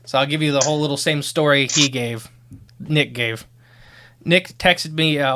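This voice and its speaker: A man's voice: a little high, steady tone, normal speed, sharp tone. A man hosting a podcast in casual chat, rambling and laughing often. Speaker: podcast host.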